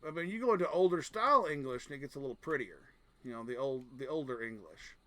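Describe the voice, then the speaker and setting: A man's voice: mid-range voice, lively intonation, fast talker, bright, forceful tone. A man streaming a game, chatting casually in a rambling, joking and crude way. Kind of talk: casual gaming chat.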